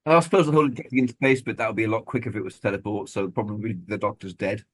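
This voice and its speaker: A man's voice: on the low side, fairly even intonation, very fast, husky. A man co-hosting a podcast in casual chat, sardonic and jokey. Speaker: podcast co-host.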